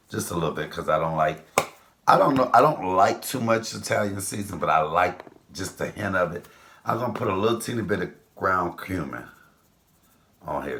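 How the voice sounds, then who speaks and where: Man, 50s, deep voice; chatty home-cook host, loose and rambling. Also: noisy background. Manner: chatty, rambling asides, addresses viewers directly. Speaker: cooking channel host. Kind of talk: casual cooking vlog chat.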